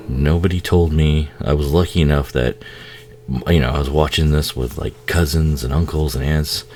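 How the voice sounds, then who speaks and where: A man giving a casual, profane movie commentary, laughing often and acting out the characters in quick asides. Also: a bass voice, darkish tone, a little hiss or hum.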